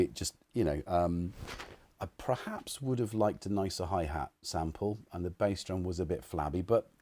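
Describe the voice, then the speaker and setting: A man's voice: sits low, dark tone, no echo. A man hosting a casual home livestream, rambling and chuckling as he chats to viewers and his cats. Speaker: livestream host. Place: living room at home.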